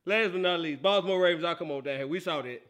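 A man's voice: fairly high pitch, fast talker, very noisy. A man hosting a casual sports talk show, laughing often and teasing. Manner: laughs a lot, animated and teasing.

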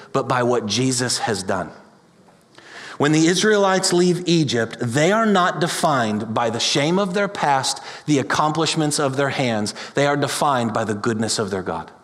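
A pastor preaching a sermon with passion, building his voice up to loud peaks. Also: medium pitch. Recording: large hall with long reverb.

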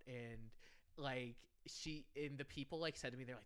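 A young man hosting a podcast, telling rambling, animated work stories with swearing and laughter. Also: mid-range voice, fast talker, clean tone. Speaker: podcast host. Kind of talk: casual storytelling chat.

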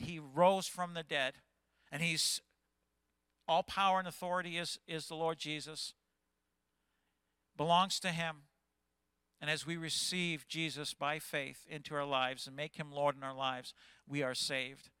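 Impassioned bright-voiced pastor in his fifties. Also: on the high side, fairly even intonation, measured pace, long pauses, clean tone, no room sound. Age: 50s. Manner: impassioned, agitated preaching. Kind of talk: sermon.

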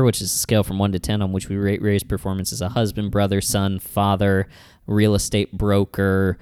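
Deep, smooth-voiced man joking around. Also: little pitch movement, a little mellow, no room sound. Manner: playful, rambling, quick to joke. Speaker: podcast co-host. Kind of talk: casual comedic chat.

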